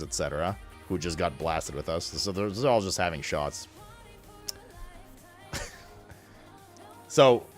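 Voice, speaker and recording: A young man from Romania, a streamer, casually telling a rambling, excitable story to his chat and swearing often. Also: sits low.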